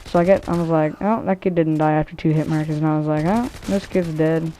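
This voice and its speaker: A woman's voice: low voice, fairly even intonation, fast talker, warm tone, slight background noise. A woman giving casual, rambling commentary over a shooter match, swearing freely and full of ums and restarts. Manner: rambling, profane, many fillers and restarts. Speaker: gameplay commentator.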